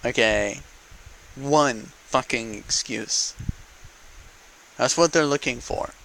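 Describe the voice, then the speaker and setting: A man's voice: medium pitch, slow, creaky, pushed and bright, slight background noise, low-quality recording. A man ranting heatedly to camera in an unedited vlog, swearing often and repeating words for emphasis. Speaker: vlogger. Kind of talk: unedited political rant to camera.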